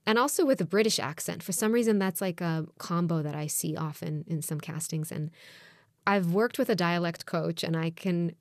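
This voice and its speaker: Woman, podcast co-host, casual chat, candid, reflective, lower voice, dry close sound. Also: normal speed, no echo. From grew up outside Australia. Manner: reflective, candid, laughs often.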